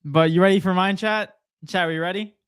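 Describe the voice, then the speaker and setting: A man's voice: sits high, steady tone, a little fast, fairly bright tone, smooth, dry recording. A young man co-hosting a sports podcast, upbeat and laughing often as he reads out scores and predictions. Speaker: podcast co-host.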